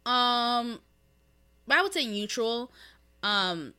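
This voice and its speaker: A woman's voice: fairly high pitch, animated, slow, bright, forceful tone, smooth. A young woman co-hosting a podcast, chatting casually and giggling as she tells a story and acts out the quoted lines. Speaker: podcast co-host. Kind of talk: casual chat.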